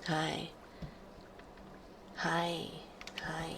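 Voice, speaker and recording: A woman chatting casually on her live stream while sick with a fever, often dropping into soft whispers. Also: lowish voice, lively intonation, vocal fry, background noise. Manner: slow and soft, drifting into whispers. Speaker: livestreamer. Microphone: close studio microphone.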